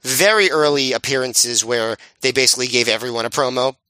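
A man's voice: mid-range voice, a little fast, bright, forceful tone, no room sound. A man co-hosting a casual wrestling podcast, dropping in dry, joking asides. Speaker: podcast co-host.

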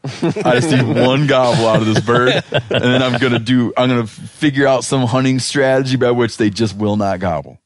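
A man hosting a podcast, talking in a rambling, animated, casual way and swearing now and then. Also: medium pitch, no echo, clean studio sound. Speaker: podcast host. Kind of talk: casual chat.

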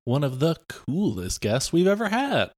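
A man's voice: fairly high pitch, very animated, normal speed, a little mellow, no room sound, studio quality. A man co-hosting as producer on a comedy podcast, rambling through sarcastic jokes. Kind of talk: joking podcast banter.

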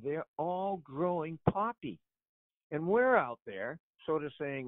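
An older man and author, a guest telling animated stories and chuckling, often repeating his words. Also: fairly high pitch, takes it slowly, dry recording. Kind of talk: conversational storytelling on a radio show. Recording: tinny phone line.

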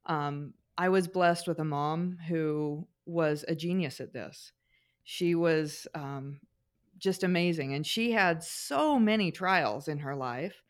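A middle-aged woman with a somewhat low voice, talking as a guest. She tells personal stories in a conversational, expressive way and is animated as she goes. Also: takes it slowly. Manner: expressive, animated anecdote-teller. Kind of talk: conversational storytelling.

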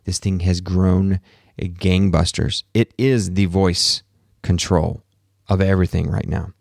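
A low-pitched man with a gravelly, fry-laden voice, talking casually as a podcast host. He tells his stories with animation and acts out the other people in them. The sound is dry and close. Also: takes it slowly, no room sound. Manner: animated storytelling, acts out quotes, laughs at himself. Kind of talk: casual monologue. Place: home office.

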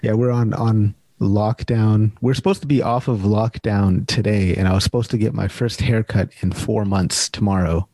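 A man hosting an online happy hour over a video call, chatting in a relaxed way and calling people "man". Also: fairly low pitch, moderate pace, few pauses, no echo. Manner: laid-back, chatty, says "man" often. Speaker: host. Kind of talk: casual chat.

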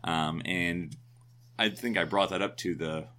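A man's voice: deep voice, steady tone, measured pace, bright, forceful tone, a little hiss or hum. A man in his forties from the United States, co-hosting a podcast in casual, digressive, upbeat chat. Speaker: podcast co-host.

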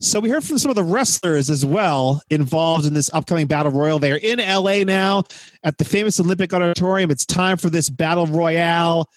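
A man hosting a movie-review podcast, walking his co-hosts through scenes and tossing in jokes. His voice sits a little high, and the close mic leaves it dry. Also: fairly quick, no room sound. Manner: recaps scenes playfully, cracks jokes. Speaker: podcast host.

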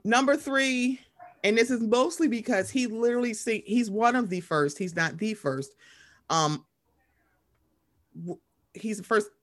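A woman co-hosting a podcast in casual chat, animated and profane, swinging quickly in pitch and volume. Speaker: podcast co-host.

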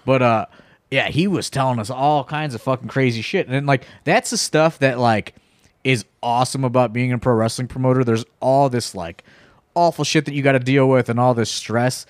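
A man's voice: medium pitch, moderate pace, no room sound, clean studio sound. A man co-hosting a podcast in casual chat, rambling with many fillers and swear words. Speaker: podcast co-host, wrestling promoter.

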